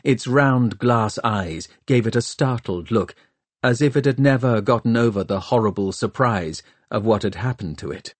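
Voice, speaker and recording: A man narrating an audiobook in a measured, dramatic way. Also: medium pitch, no echo.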